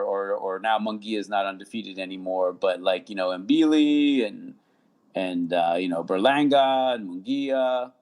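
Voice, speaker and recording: Gravelly-voiced man chatting on a podcast. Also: lowish voice. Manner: relaxed, many fillers and repeats. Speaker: podcast guest, sports attorney. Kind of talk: casual podcast chat.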